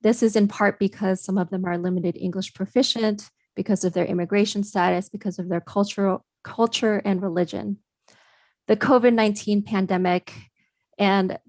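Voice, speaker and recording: Woman, parent commenter, steady and factual, mid-range voice, dry. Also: mid-range voice, no room sound. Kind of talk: prepared public comment.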